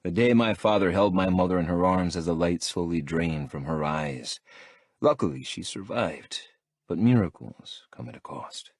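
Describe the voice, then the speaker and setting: A man narrating an audiobook in first person, brooding and measured. His voice sits very low with a husky grain. The recording is dry and close. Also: expressive, no room sound.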